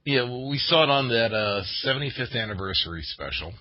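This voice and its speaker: A man's voice: medium pitch, expressive, fairly quick, dry recording. A man co-hosting a casual podcast chat, hesitant, with many fillers and restarts. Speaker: podcast co-host. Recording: dull lo-fi sound.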